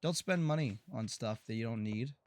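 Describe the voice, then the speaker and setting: An American man streaming a farming game, chatting casually to his viewers and often stumbling over his words before breaking into excited outbursts. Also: medium pitch, normal speed, noisy background. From United States. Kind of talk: casual gameplay commentary to chat.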